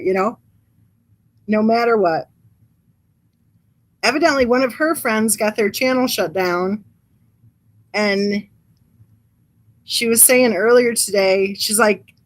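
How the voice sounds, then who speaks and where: A woman hosting a casual livestream, chatting in a rambling, amused way and reading comments from the live chat. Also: on the high side. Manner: reads live chat aloud. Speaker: true crime channel host.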